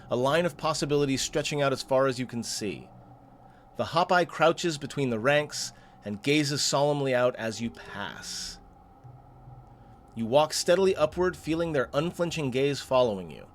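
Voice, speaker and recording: A man's voice: fairly high pitch, slight background noise. A man hosting a game playthrough, reading the story text aloud and breaking off for chatty asides. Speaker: let's play host.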